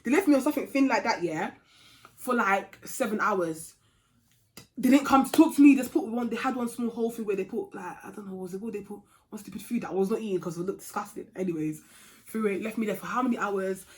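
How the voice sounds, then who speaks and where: A young woman telling a storytime vlog story in a chatty, animated way, dropping to a hush and rising to heated outbursts. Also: mid-range voice, quick pace, slight background noise. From England. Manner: chatty and animated, swings from hushed to loud and heated. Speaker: vlogger.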